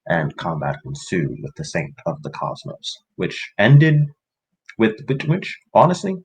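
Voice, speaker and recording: A man recapping the last session of a tabletop game, halting and full of restarts. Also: low voice, very animated, darkish tone, husky, poor audio. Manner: halting, many fillers and restarts. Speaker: player.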